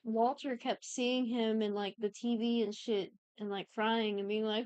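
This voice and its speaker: This young woman's voice sits fairly high, with a level, smooth and somewhat dark tone on a dry recording. Co-hosting a podcast, she casually recaps a TV series in rambling, profane chat, quoting characters in quick asides.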